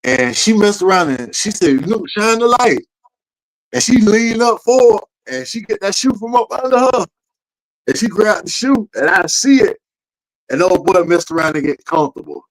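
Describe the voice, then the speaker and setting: A man co-hosting a podcast, telling a childhood story in a lively, slangy, profane way. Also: high-pitched, normal speed, low-quality recording. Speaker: podcast co-host. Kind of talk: casual storytelling chat.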